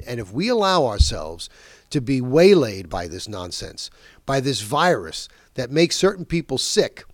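A man's voice: medium pitch, sing-song, moderate pace, no room sound, studio quality. A man hosting a political talk show, speaking in an emphatic, indignant monologue and leaning hard on key words. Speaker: talk radio host.

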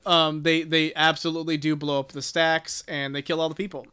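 A man's voice: a little high, flat delivery, a little fast, pushed and bright, clear, resonant tone. A man co-hosting a casual book podcast, summarizing a chapter in a rambling, profane way with lots of fillers. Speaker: podcast co-host.

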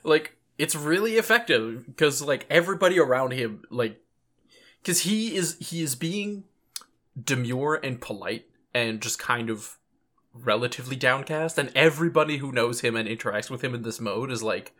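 A man's voice: mid-range voice, lively intonation, moderate pace, fairly bright tone. A man co-hosting a podcast, talking casually with lots of fillers. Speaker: podcast co-host. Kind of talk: casual chat.

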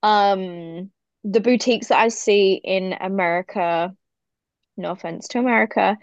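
British woman, guest; chatty and upbeat, mid pitch, dull and dry recording. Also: measured pace, no room sound. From United Kingdom. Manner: enthusiastic and chatty, many fillers and laughs. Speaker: podcast guest, business owner. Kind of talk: casual interview chat.

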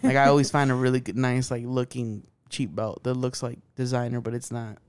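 A man's voice: medium pitch, level tone, brisk, clear, resonant tone. A man in his thirties co-hosting a podcast, chatting casually with lots of profanity, filler words and laughs. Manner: laid-back, profane, laughs often, lots of "like". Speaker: podcast co-host. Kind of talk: casual chat.

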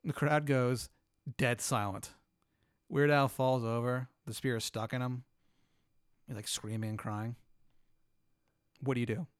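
A man's voice: medium pitch, fairly even intonation, unhurried, long pauses, clear, resonant tone, no room sound, clean studio sound. A man hosting a podcast, spinning a long improvised hypothetical in a laid-back, rambling way full of "like". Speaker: host.

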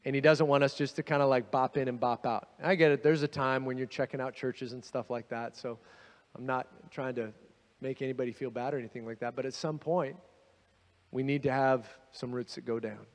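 A man preaching a sermon as pastor, telling the story with animated energy and acting out the voices of the people in it. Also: medium pitch, a little fast, in a large hall.

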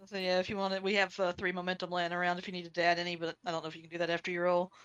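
A woman's voice: lowish voice, completely flat delivery, racing, fairly bright tone, smooth, dry recording, dull audio. A woman playing in a tabletop game, chatty and easygoing. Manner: chatty, laughs easily. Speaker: player. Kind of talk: casual tabletop play.

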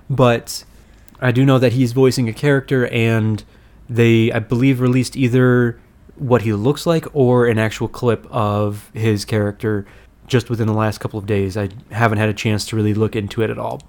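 A man's voice: medium pitch, steady tone, moderate pace, a little mellow. A young man co-hosting a casual movie podcast, easygoing, often stumbling and restarting his sentences. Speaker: podcast co-host, works at a movie theater. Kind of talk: casual movie review chat.

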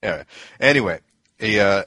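A man's voice: fairly low pitch, expressive, moderate pace, pushed and bright, no room sound. A man co-hosting a casual podcast, eagerly recounting old events and laughing often. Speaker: podcast co-host. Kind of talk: casual storytelling chat.

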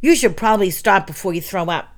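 A woman's voice: medium pitch, expressive, fast, lightly acted. A woman reading aloud, voicing a good-natured zombie boy with an easygoing manner.

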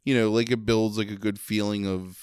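A man's voice: on the low side, level tone, a little fast, darkish tone, clean tone, no room sound, studio quality. A man with a slightly nasal voice, rambling sarcastically through a movie review in casual chat. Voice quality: a little nasal. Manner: rambling, sarcastic, many ums and likes. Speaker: podcast co-host reviewing a movie.

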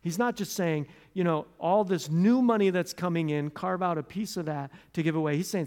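An American man preaches a conversational sermon as a pastor, full of restarts and asides. He turns loud and animated when telling stories and goes soft and low in prayer, speaking at a moderate pace with hardly any pauses.

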